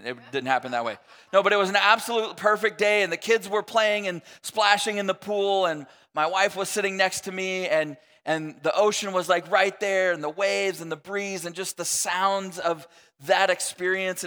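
A man with a notably high voice gives a casual, chatty sermon, restarting sentences and tossing in self-deprecating jokes. His voice rings out in a large hall with a long reverb tail. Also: pushed and bright. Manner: conversational, self-deprecating, jokey asides.

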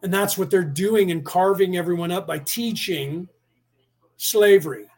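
Man, high-pitched, argumentative monologue, acts out the voices he quotes. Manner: repeats "do you see?" to press points. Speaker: speaker on politics and spirituality. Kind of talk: rambling monologue.

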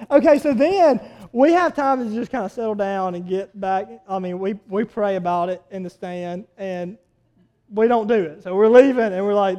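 In the middle of a sermon, a male pastor spins a story with lots of energy, alternating booming moments and hushed side remarks. His voice is high-pitched and his pace is moderate.

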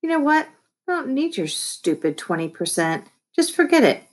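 A woman's voice: high-pitched, very animated, moderate pace, voice pushed up. A woman voicing a clever young boy who turns whiny and indignant, in a raised voice.

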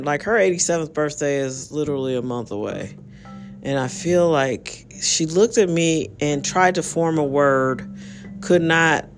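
Worn out middle aged woman rambling thru her solo podcast, yawny, lots of ums, faint music under her. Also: low voice. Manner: rambling, tired, yawning, with many fillers. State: exhausted. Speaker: podcast host. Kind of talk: casual solo podcast monologue.

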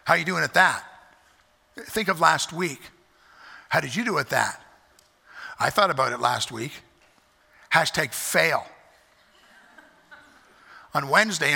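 Male pastor preaching in a big echoey church, gravelly voice, repeats his points and asks the crowd questions. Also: a little high, sharp tone. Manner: emphatic, repeats key phrases, asks the congregation questions. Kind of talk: sermon. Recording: echoey hall with long reverb.

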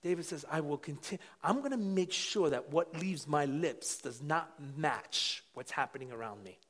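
Pastor, middle-aged man, high bright tone, passionate sermon delivery. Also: expressive, normal speed. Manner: passionate preaching that swings from quiet asides to shouts.

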